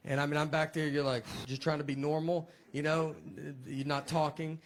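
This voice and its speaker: A middle-aged comedian, telling stories in a deadpan, self-deprecating way and laughing through them. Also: male voice, on the high side, normal speed. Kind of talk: casual comic storytelling. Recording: noisy background hiss.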